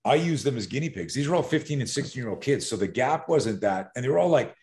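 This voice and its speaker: A man in his sixties telling stories as a podcast guest. He is animated and profane, and he acts out quotes. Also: mid-range voice, fast. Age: 60s. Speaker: self-defense expert guest. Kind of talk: podcast storytelling.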